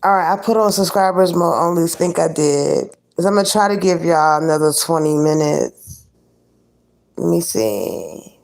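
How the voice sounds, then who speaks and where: A woman's voice: deep voice, animated, normal speed, creaky, a little mellow. A woman hosting a casual live stream, chatting with viewers and reading the chat aloud.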